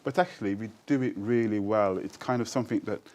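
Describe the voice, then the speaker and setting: A man in his sixties with a Birmingham accent flavoured by Jamaican speech, talking in a fairly low voice. He tells stories in an animated, easygoing way, laughing often and slipping into quoted voices. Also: fast talker. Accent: Birmingham English with Jamaican influence. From Birmingham, England. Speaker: interview guest, poet. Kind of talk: casual storytelling interview.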